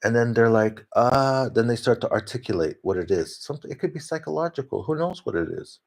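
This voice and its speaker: A man's voice: medium pitch, lively intonation, quick pace, gravelly. A man talking in a rambling, casual monologue, often laughing and restarting his sentences. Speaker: vlogger. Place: home, talking to his dog.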